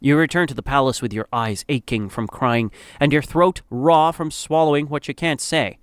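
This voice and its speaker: A man's voice: medium pitch, moderate pace, clean tone, no echo, studio quality. A man narrating a dramatic story in the second person, in a grave, somber manner.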